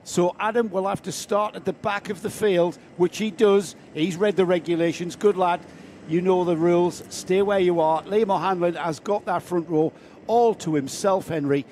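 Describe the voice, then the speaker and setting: A northern English man commentating live karting, his voice sitting a touch high for a man. He talks in a chatty, rambling way and reads out grids in quick runs of names. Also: darkish tone, a little hiss or hum. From northern England. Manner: chatty, rambling, calls names in rapid lists. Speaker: race commentator.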